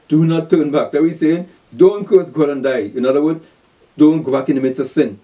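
A man teaching scripture at a rapid clip. His voice sits a little high yet sounds dark in tone. He is recorded from a distance, so he sounds set back from the microphone. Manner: animated, repeating rhetorical questions. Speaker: preacher.

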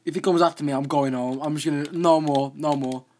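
A man's voice: on the high side, a little fast. Jumpy young man narrating a game. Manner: excitable, easily startled, exclaims often. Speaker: gaming video host. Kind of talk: casual game commentary.

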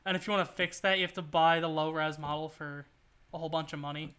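A man's voice: on the high side, fairly even intonation, fast talker, sharp tone, clean tone. A man streaming a video game, rambling and joking through his play and swearing when things go wrong. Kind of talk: casual gameplay commentary.

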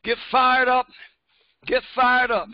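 A man in his seventies, a pastor preaching a sermon with emphatic repetition that rises to shouts. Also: very high-pitched, little pitch movement, slow pace, dry recording. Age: 70s. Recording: dull, dry recording.

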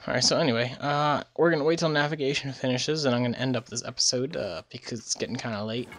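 Over footage of a strategy game, a tired gamer on the mend from illness talks casually and wanders off topic, catching and correcting himself mid-sentence. He has a medium-pitched, somewhat bright voice and a quick pace.

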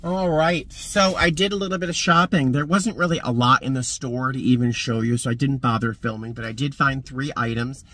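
A man chatting casually in a vlog from his car, expressive and talkative, with loud bursts now and then. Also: medium pitch, a little fast, hardly any pauses. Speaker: vlogger. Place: in a car and around a parking lot.

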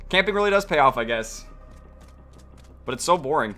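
A young man commentates his own shooter match live for viewers, excitable and quick to swear. His voice is bright and swings widely in pitch, sitting a bit higher than most men. Gunshots from the game rattle behind him. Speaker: streamer. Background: gunfire from the game.

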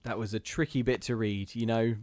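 A man reading gothic ghost stories aloud on a live stream. He breaks off to chat loosely with his audience, thanking commenters and poking fun at his own efforts. His voice sits at an ordinary middle pitch. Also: steady tone, fairly quick, darkish tone, dry recording. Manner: chatty, self-deprecating, thanks commenters.

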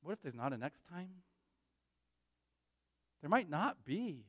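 A man's voice: a little high, big pitch swings, slow pace, fairly bright tone, husky, no room sound, studio quality. Urgent pastor, a man preaching. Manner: urgent, pleading, repeats "right?". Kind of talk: sermon.

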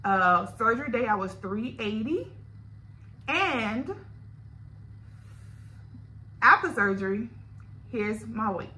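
A woman's voice: on the high side, lively intonation, takes it slowly, long pauses, pushed and bright, poor audio. A woman with a Louisiana accent, chatting candidly and directly to her viewers in a casual video diary. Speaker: vlogger. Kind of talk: casual chat to camera.

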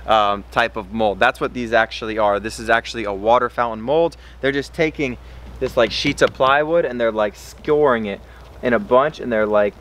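A man filming a casual fishing vlog outdoors by a pond, chatty and excitable, hurting from a cut on his hand. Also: slight background noise. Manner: excitable, talks to his fish in a high baby voice. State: in pain from a cut. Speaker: fishing vlogger.

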